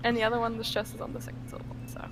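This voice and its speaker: A young woman from Germany, a podcast guest in casual chat, animated, laughing often, full of fillers and restarts. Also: on the high side, very fast, faint music behind, low-quality recording.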